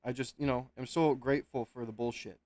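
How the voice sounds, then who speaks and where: A man's voice: medium pitch, fairly even intonation, a little fast, a little mellow, dry recording. Frustrated man rambling on a livestream. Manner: frustrated, rambling, swears then corrects himself. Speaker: livestream host. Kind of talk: casual livestream chat. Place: home room. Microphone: webcam setup at home.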